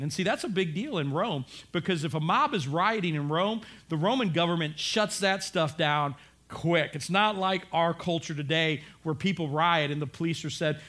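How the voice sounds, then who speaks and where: A man preaching a sermon, telling the story in an animated way, acting out voices and rising to shouts. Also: fairly high pitch, normal speed. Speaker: pastor.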